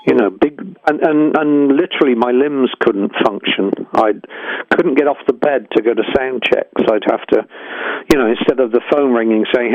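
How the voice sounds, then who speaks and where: A man's voice: mid-range voice, normal speed, dry recording. An older man speaks as an interview guest, storytelling candidly and circling back with restarts. His mid-range voice comes through a thin, phone-like line. The sound is dry, with no room around it. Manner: rambling, frank, full of restarts and acted-out quotes. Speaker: guest musician.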